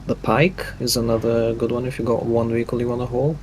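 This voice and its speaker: A man co-streaming a game, chatting in a relaxed, helpful way with dry humor. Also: medium pitch, quick pace, slight background noise, poor audio. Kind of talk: casual game-stream chat.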